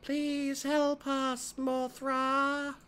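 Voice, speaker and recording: A man voicing a pair of creepy twin children in a video game, speaking slowly in an eerie, drawn-out sing-song. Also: extremely high pitch, monotone, pushed and bright, pitched above the performer's own voice, heavily acted.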